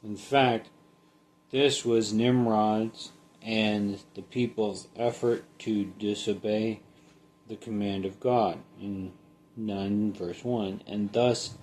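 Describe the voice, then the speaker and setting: A man giving a casual Bible study, reading a passage in a halting way and then talking it through conversationally. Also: lowish voice, darkish tone, a little hiss or hum. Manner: slow, halting, reads then comments conversationally. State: sleepy, yawning.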